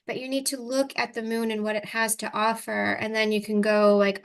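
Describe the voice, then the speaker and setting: A woman's voice: mid-range voice, level tone, unhurried, a bit bright, clear, resonant tone. A woman leading a group video call, coaching with breathing cues and affirmations in an encouraging way. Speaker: energy clearing coach. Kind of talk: guided breathing and coaching session.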